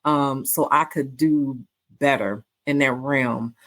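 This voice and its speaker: Low-voiced woman podcast host, warmly encouraging. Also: fairly even intonation, slow pace. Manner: warm, repetitive, faith-filled encouragement with many fillers. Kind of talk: casual podcast sign-off.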